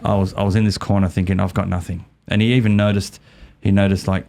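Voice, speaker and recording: A man's voice: low-pitched, fast, creaky. A middle-aged man, a podcast guest, casually retelling a story and often repeating words as he goes. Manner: animated, repeats words while telling a story.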